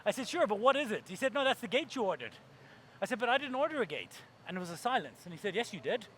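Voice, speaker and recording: A man's voice: high voice, big pitch swings, fast talker, fairly bright tone, a little hiss or hum. A man giving a keynote talk at a conference, telling stories with acted-out voices and laughter. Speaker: keynote speaker.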